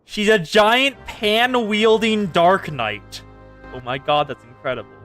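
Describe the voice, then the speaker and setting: Excitable bright-voiced male streamer. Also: sits high, slow pace, soft background music. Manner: excitable, exclaiming and laughing often. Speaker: game streamer. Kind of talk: live gameplay reaction commentary.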